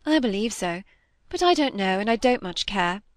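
A woman's voice: medium pitch, animated, moderate pace, no room sound, lightly acted. A woman reading aloud, voicing a witty, teasing young woman with an arch, playful manner. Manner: arch, playful, lightly scornful.

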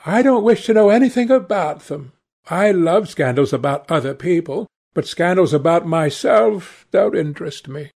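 Male narrator voicing a petulant, languid young gentleman; raised, husky audiobook voice. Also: a little high, lively intonation, moderate pace. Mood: airy. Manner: petulant, airy.

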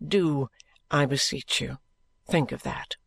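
A man's voice: medium pitch, slow, gravelly, a bit bright, breathy edge, no echo, heavily acted. A man voicing an earnest, troubled young man in an audiobook, pleading and sincere. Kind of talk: audiobook character reading.

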